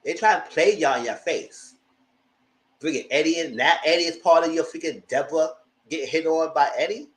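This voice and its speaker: A man giving blunt, profane live commentary on reality TV episodes, acting out cast members' lines in high voices. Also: a little fast, a bit bright, echoey room, low-quality recording. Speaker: reality TV reviewer. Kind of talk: live casual recap commentary.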